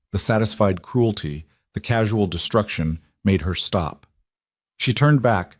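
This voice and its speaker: A man reading a western romance story in an even, unhurried storytelling voice. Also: lowish voice, no echo, clean studio sound. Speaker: narrator. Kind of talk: scripted audiobook narration.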